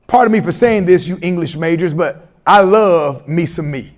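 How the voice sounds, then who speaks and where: A middle-aged man giving a motivational, humorous speech to teachers, animated and telling stories with acted-out voices. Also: fairly high pitch, moderate pace. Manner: animated storyteller, humorous asides, acts out quoted voices. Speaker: keynote speaker at educators' institute day.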